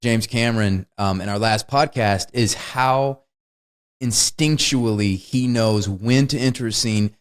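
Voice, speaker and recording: A man's voice: fairly low pitch, unhurried, smooth. A man co-hosting a podcast, chatting casually and enthusiastically about a film, often laughing mid-story. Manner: enthusiastic, laughs while telling stories. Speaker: podcast co-host. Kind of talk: casual movie review chat.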